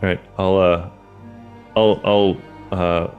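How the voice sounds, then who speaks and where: A man playing a tabletop game in casual chat, easygoing and clearing his throat often. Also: deep voice, flat delivery, takes it slowly, narrow, tinny audio, soft background music. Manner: laid-back, frequent throat-clearing. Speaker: player.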